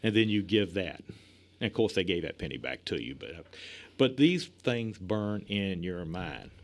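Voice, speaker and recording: A man in his sixties, a police chief, telling animated anecdotes as a podcast guest. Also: low-pitched, measured pace. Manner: animated anecdotes, acts out other people's lines, laughs often. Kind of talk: casual storytelling in a podcast interview.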